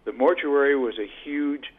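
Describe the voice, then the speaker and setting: Male audiobook narrator, mid pitch, measured read, narrow phone-like sound. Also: husky. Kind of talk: scripted narration. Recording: tinny phone-like band.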